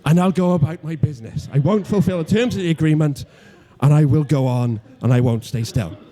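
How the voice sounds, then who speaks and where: A man's voice: fairly high pitch, fairly quick, warm tone. A young man in his twenties with a Welsh accent doing a stand-up routine, self-deprecating and mock-logical, with stammering restarts. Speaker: stand-up comedian.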